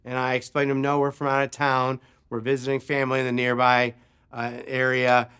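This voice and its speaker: A man preaching a sermon, telling a personal story with animated delivery and acted-out shouts. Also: medium pitch, brisk, clear, resonant tone. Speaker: pastor.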